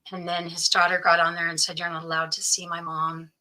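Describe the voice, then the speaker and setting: A woman, a guest in an interview, telling a personal story and acting out the voices of the people in it, often dropping to a hush. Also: on the low side, monotone, a little fast, poor audio. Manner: acts out quoted voices, often drops to hushed tones.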